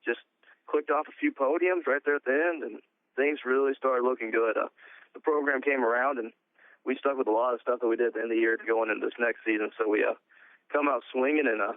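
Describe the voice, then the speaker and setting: A man's voice: mid-range voice, no echo. A man in a phone interview who races ATVs, in the middle of his range. He talks loosely and leans on fillers. The line is thin and tinny, with no room sound at all. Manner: relaxed, plain-spoken, many "uh" fillers. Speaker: pro ATV motocross racer.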